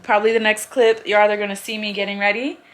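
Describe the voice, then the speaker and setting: A young woman vlogging casually to a phone camera in her car, telling stories in a chatty, animated way. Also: medium pitch, fast talker.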